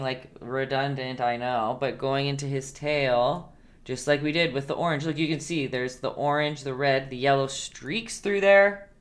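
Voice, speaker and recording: A woman hosting a casual live-stream painting lesson, chatty and playful, laughing often and talking back to her viewers. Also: rumbling low.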